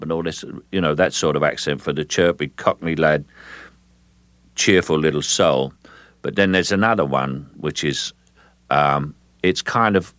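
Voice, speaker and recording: An older man from London, an actor as an interview guest, speaking in a measured, deliberate way and pausing to restart sentences. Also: fairly bright tone, no room sound. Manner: measured, deliberate, with frequent restarts and low chuckles. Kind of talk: relaxed, anecdotal interview talk.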